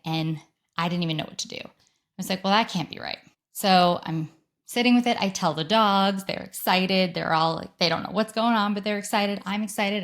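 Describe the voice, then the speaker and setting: A woman in her thirties hosting a solo podcast, telling a personal story in a chatty, excited way and acting out the voices of the people she quotes. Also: medium pitch. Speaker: podcast host.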